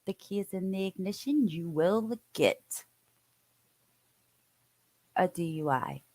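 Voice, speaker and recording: A woman's voice: on the low side, expressive, slow pace, a little mellow, no echo. A woman giving casual joking commentary on police footage. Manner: joking, laughing asides.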